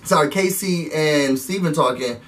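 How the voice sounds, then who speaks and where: High-voiced man ranting about reality TV. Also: normal speed, distant mic. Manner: chatty, animated, addresses viewers as y'all. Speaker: reality TV recap vlogger. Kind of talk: casual recap rant to camera.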